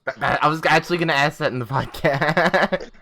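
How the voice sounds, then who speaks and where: A man hosting a casual podcast over voice chat, easygoing and quick to laugh. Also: fairly high pitch, pushed and bright. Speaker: podcast host.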